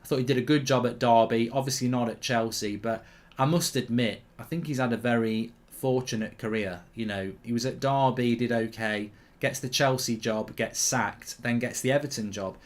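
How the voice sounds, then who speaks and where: A man's voice: mid-range voice, fairly even intonation, normal speed. A man hosting a live football watchalong, chatting opinionatedly and reacting to the match. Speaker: host.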